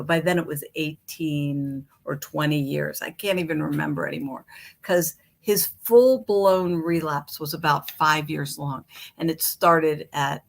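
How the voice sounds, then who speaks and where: A middle-aged woman telling her own recovery story from home, candid and animated, acting out what was said. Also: low-pitched, measured pace, vocal fry, slight background noise. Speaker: guest speaker.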